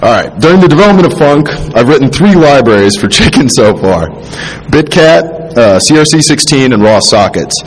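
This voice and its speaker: A man giving a technical conference talk, halting with many fillers and restarts, dropping dry self-deprecating asides, a little tipsy from drinking. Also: medium pitch, big pitch swings, poor audio. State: tipsy, drinking while talking. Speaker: conference speaker. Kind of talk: technical presentation.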